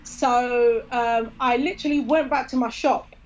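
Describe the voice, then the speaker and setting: A woman's voice: fairly high pitch, unhurried, dull audio. A woman, a podcast guest telling a story in casual chat and acting out the quoted dialogue. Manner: lively, acts out quoted dialogue.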